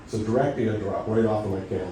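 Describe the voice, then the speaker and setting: A middle-aged man speaking insistently and argumentatively at a public meeting, his voice going hoarse. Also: on the low side, rapid-fire, noisy background. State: losing his voice. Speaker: resident speaking at public comment. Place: town meeting room. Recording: echoey room from far off.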